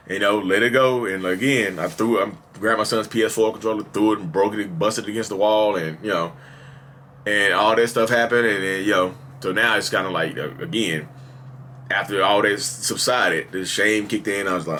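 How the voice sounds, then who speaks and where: A man's voice: low voice, fairly quick, bright, forceful tone, slight background noise. A man in his thirties speaking in a candid, rambling confessional monologue. He fills his talk with many "like" and "you know" fillers. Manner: acts out quoted exchanges in raised, heated bursts. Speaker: vlogger and host of the channel.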